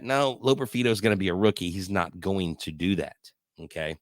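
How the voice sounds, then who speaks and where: A man, co-hosting a sports podcast and lecturing listeners in an animated, fired-up rant. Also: low-pitched, brisk, no echo, studio quality. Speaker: podcast co-host.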